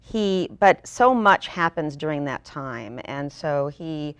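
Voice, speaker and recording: A woman with a notably low voice talks at length in a studio interview, her explanations running on from one thought into the next. The sound is close and dry, with no room echo. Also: animated, slow pace. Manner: talkative, long run-on explanations. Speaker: theater company member promoting a play. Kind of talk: local TV interview.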